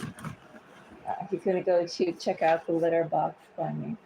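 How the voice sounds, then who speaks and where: A woman reading tarot at home in an unhurried, rambling way, breaking off to chat. Her pace is slow and easy, with a faint hiss of noise behind her. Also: deep voice, level tone, gravelly. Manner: chatty, easily sidetracked, talks to her cats. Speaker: tarot reader. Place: home with cats.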